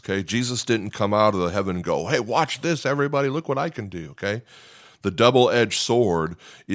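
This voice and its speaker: A man preaching a conversational Bible teaching, often checking in with listeners by asking "okay?". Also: low-pitched. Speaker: pastor. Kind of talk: sermon teaching.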